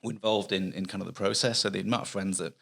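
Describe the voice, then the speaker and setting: A middle-aged Mancunian man from Manchester, England, appears as a guest author in a casual podcast interview, chatting earnestly and explaining at length with restarts. His low, gravelly voice holds a steady tone, fairly bright, and he talks fast.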